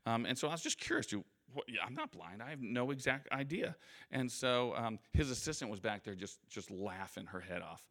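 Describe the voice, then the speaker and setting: A man's voice: mid-range voice, animated, brisk, fairly bright tone. A man giving an anecdotal motivational talk in front of a live audience, in a conversational, self-deprecating storytelling manner. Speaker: guest speaker.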